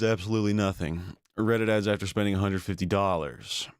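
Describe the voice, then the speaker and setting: A man with a very low, resonant voice watches videos on stream and gives sarcastic, profane reaction commentary, mocking what he sees. He speaks a little fast and clearly. The sound is dry and close, with almost no room and no echo.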